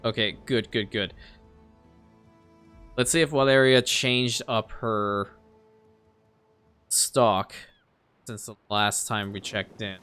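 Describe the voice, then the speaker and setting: A man giving casual let's-play commentary, talking to the game as he plays and muttering to himself, at times breaking into loud exasperated rants. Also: lowish voice, steady tone, slow, pauses often, clear, resonant tone, faint music behind. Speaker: gameplay commentator.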